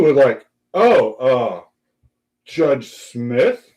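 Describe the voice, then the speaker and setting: A man's voice: mid-range voice, slow pace, rough recording. Man telling a crude story with relish. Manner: animated anecdote teller, acts out quoted voices. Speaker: podcast host. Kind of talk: casual chat, storytelling.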